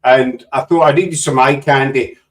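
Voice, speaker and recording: Hosting a relaxed live panel, this Scottish man keeps up jokey, wandering banter and ribs his guests. He speaks at a normal pace in a steady, medium-pitched voice, distant from the microphone.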